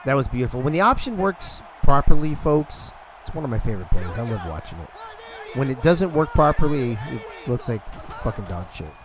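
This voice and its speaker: Young dude casting a football game on stream, casual and cussing, mid voice, goes off on tangents with chat. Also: male voice, medium pitch, sing-song, brisk, crowd noise. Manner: loose and profane, chatting with the stream between plays.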